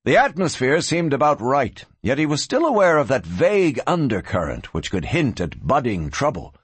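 A man narrating a western audiobook in an expressive, varied storytelling voice. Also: medium pitch, moderate pace, slightly rough, no echo.

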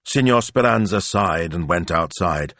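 A deep-voiced man narrates a novel in a measured way, his pitch moving freely through each sentence. The recording is dry and close, with no room sound. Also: lively intonation, a bit bright, dry recording. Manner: measured storytelling. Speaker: audiobook narrator. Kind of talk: scripted narration.

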